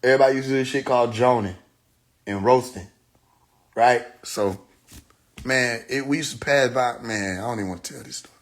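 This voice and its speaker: A man's voice: medium pitch, a little fast, long pauses. A young man, talking casually on a phone livestream and animatedly acting out the people in his stories. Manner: animated storytelling, acts out quoted people, laughs. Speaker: live stream host.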